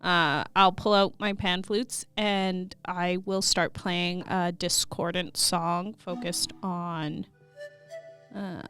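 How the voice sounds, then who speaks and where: A woman's voice: fairly low pitch, a bit bright. A woman playing a tabletop game, chatting and thinking aloud as she plans her turn. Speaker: player. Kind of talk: casual tabletop game play.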